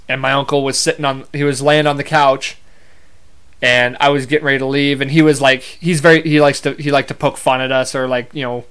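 A young man hosts a podcast, spinning casual stories that ramble, correct themselves, and include some swearing. His mid-range voice sounds smooth and a bit bright.

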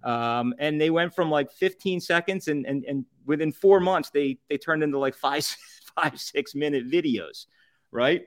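A man's voice: on the high side, unhurried. Laughing, rambling Philly guy. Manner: rambling, laughs often, many fillers and restarts. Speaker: podcast guest, co-founder of a food review group. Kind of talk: casual storytelling chat.

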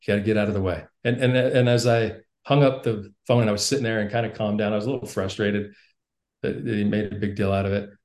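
A man who is a podcast guest, telling a story in casual conversation. He is animated, laughs often and repeats words as he starts his sentences. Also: on the low side, quick pace.

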